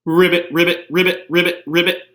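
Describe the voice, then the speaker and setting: A man voicing a silly young female pig in a storybook who insists she is a frog, speaking high and excited. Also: brisk. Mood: playful.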